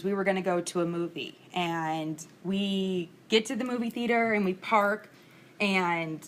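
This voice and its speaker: With a little hiss or hum on the screencast recording mic, a woman in her thirties lectures in a mid-range, slightly bright voice. The instructor is candid and conversational, laughing through tales from her own life.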